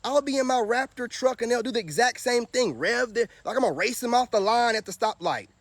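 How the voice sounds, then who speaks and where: A high-pitched man talking straight to his livestream viewers as a spiritual vlogger. He lectures in a preachy tone and keeps asking rhetorical questions. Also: animated, fairly quick, no echo. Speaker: spiritual vlogger and tarot reader. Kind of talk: livestream monologue.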